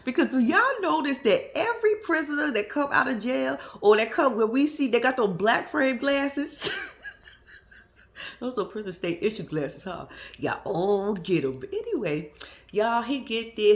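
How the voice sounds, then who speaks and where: A woman in casual reaction commentary, chatty and animated, laughing often and swearing freely. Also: fairly high pitch, a little slow. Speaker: reality TV commentator.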